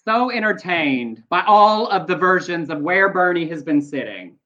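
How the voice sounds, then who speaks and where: A man co-hosting a casual live internet show, telling jokes and stories with lively energy. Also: sits high, moderate pace, dull audio. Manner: animated, joking storyteller. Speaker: co-host.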